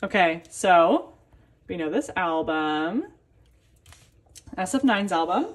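A young woman casually vlogging an album unboxing, gushing and exclaiming with excitement as she goes. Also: fairly low pitch, slow pace, pauses often.

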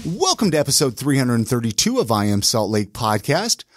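A man hosting a podcast, talking in an upbeat, casual way with quick intros and filler restarts. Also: medium pitch, very animated, over music. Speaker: podcast host.

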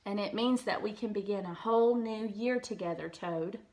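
A woman voicing a cheerful, energetic male frog who calls out eagerly to his friend. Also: medium pitch, moderate pace, lightly acted. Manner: excited, calling out loudly.

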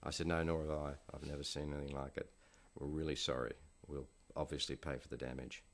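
A man's voice: a bass voice, flat delivery, fast talker. A film director in an interview, dryly recounting set anecdotes and slipping into the voices of people he quotes. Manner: dry storyteller acting out quoted voices.

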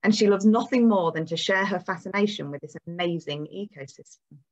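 A woman hosting a storytelling event, introducing the programme and the guest in a measured way. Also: mid-range voice. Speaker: event host. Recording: dull lo-fi recording.

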